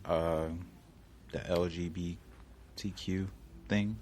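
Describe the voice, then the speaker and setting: A male interviewer with a very deep voice, keeping the casual chat moving with short questions and quick agreement. His tone is loose and conversational. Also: fairly even intonation, a little mellow, slight background noise. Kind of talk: casual street-style interview.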